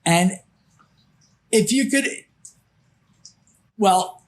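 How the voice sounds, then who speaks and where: An older man spins a long, rambling story with plenty of stops and restarts. His voice sits high for a man, and he unhurriedly takes his time. It is casual podcast talk. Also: animated, extremely slow. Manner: rambling, many false starts. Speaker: podcast guest. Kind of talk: casual anecdote.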